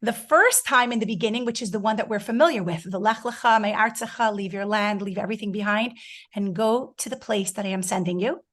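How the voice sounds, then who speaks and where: A woman's voice: mid-range voice, fairly quick, hardly any pauses, a bit bright. A woman in her forties telling a personal story to an online group, acting out her own past words. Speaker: guest speaker. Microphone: video call.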